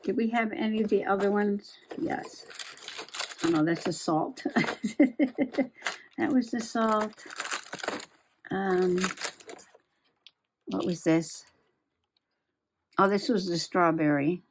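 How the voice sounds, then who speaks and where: Slow, chatty woman journaling. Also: mid-range voice, slight background noise. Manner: chatty, talks to herself, frequent giggles. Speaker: journaling vlogger. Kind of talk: casual chat while crafting.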